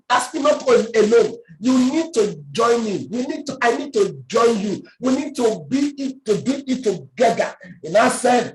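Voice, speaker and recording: A woman preaching a sermon with emphatic, drawn-out words and call-and-response questions. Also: on the high side, lively intonation. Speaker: pastor. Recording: echoey room.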